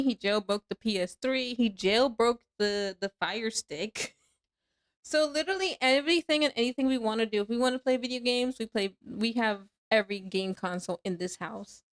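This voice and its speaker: A young adult woman streaming live from her home computer, chatting casually with her viewers, laughing often and breaking into squeals when surprised. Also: on the high side. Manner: laughs a lot, squeals when startled, then drops to mumbling.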